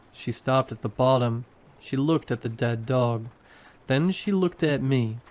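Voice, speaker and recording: A man reading a horror story aloud in a slow, measured way. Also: mid-range voice, darkish tone. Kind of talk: scripted horror narration.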